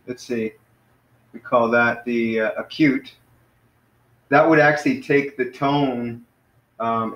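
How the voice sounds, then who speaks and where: A man's voice: mid-range voice, roomy sound, dull audio. A man teaching a beginner online language class, rambling with lots of fillers and self-corrections.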